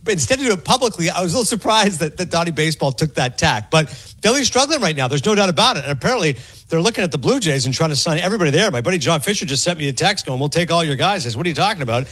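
A middle-aged man talking sports on a radio show as a guest analyst, fast and animated, acting out quotes as he goes. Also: fairly high pitch, breathy edge, no echo. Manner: rapid and animated, acts out quotes. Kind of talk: fast casual sports talk.

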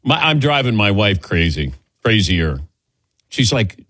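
Brief: older male radio host, animated delivery, dry close mic. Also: on the low side, a little slow, no echo. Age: 60s. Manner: animated, laughs often, self-deprecating. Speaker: radio sports talk host. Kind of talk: casual call-in chat.

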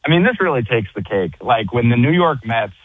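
A man's voice: medium pitch, sing-song, brisk, breathy edge, no room sound. A man ranting in exasperation during a casual chat, calling in from a rooftop. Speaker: guest podcast co-host. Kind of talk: casual chat over a call. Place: on a roof. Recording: tinny phone-like line.

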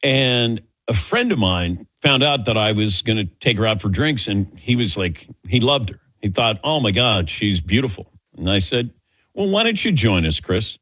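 This middle-aged Midwestern man hosts a sports radio show, joking and laughing easily as he spins animated stories. His voice sits on the low side at a normal speed, with hardly any pauses and no echo.

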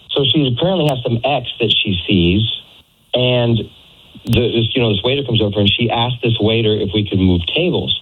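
A man speaks over a tinny phone line, telling a story about a date in a hesitant, halting way. His voice sits at an ordinary pitch, and he restarts sentences often. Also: slightly rough. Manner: hesitant, many fillers and restarts. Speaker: caller on the phone. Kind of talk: telling an anecdote on a phone call.

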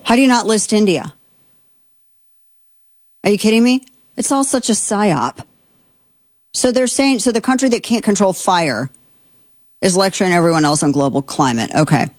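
A woman's voice: medium pitch, lively intonation, normal speed, long pauses, no room sound. Exasperated woman ranting with a dry voice. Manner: indignant, exasperated, many fillers and restarts. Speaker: political commentary host. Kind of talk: opinionated commentary.

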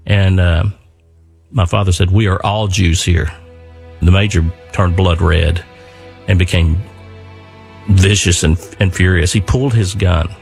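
Older man with a deep gravelly voice. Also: steady tone, a little mellow, faint music behind. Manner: earnest and reflective, with pauses. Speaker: son telling his veteran father's story. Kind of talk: spoken storytelling.

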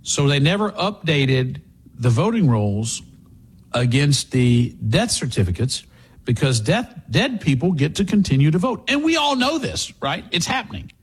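A man hosting a talk radio show, speaking in a sarcastic, animated, mocking way. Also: fairly high pitch, normal speed, slightly rough.

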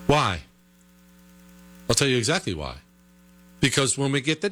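A man's voice: sing-song, normal speed, long pauses, a bit bright. A man hosting a talk radio show, delivering an opinionated, sarcastic monologue. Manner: sarcastic, mocking with high put-on whiny voices.

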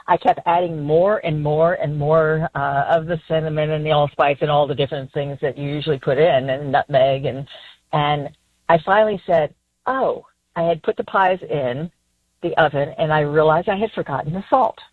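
A woman's voice: sits low, normal speed, husky, no echo. A woman from Florida calling into a radio show, chatty and giggly as she tells a kitchen story. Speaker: caller. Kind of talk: call-in phone conversation. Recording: tinny phone line.

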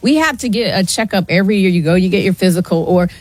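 A woman's voice: medium pitch, lively intonation, quick pace, no echo. Earnest woman guest, dry studio mic. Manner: earnest, urgent, repeats "y'all". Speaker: guest, nonprofit founder. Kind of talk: emotional radio interview.

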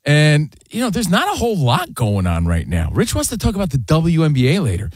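A man co-hosting a sports talk show, arguing and joking in casual, animated banter from a studio. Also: a little high, fairly quick, dry recording. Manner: animated, argumentative, jokey. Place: radio studio.

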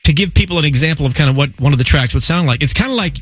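A man's voice: fairly high pitch, soft background music. A man hosting a radio countdown show, interviewing a guest in an upbeat, enthusiastic way on a studio mic. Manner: animated, enthusiastic, quick reactions.

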